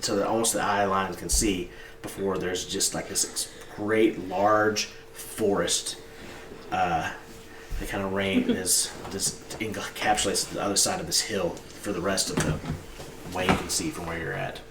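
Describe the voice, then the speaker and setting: Narrating as game master in a tabletop game, a man with a low, unhurried voice describes scenes loosely and uses lots of fillers. The mic is distant, so the recording sounds roomy and picks up background noise.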